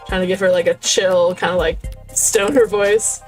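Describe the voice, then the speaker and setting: A woman's voice: fairly low pitch, steady tone, normal speed. A woman streamer giving casual, chatty commentary while playing a story game, laughing often. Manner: giggly, chatty, lots of fillers. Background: faint music.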